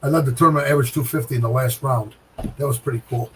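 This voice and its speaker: A middle-aged man telling a bowling story in casual chat, animated, with sound effects and repeated phrases. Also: mid-range voice, very fast, distant mic, a little hiss or hum, poor audio. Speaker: guest pro bowler.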